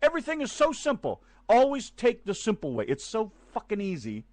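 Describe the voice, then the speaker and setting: A man co-hosting a casual talk show, breaking into profane, shouting rants. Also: high voice, wildly swooping pitch, a little fast, no room sound. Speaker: co-host. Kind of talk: casual chat and profane rant.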